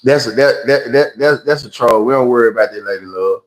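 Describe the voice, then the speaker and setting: Fairly quick and medium-pitched, the Memphis-accented livestream host rambles through a slangy story, mimicking others' voices. The phone audio is poor, with a little hiss or hum.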